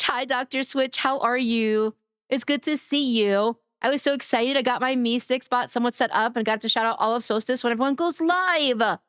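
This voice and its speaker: A woman streamer chatting casually with her live chat, greeting viewers by name in an affectionate way, her voice a little raspy. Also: sits high, a bit bright, dry recording, studio quality. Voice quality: somewhat raspy today.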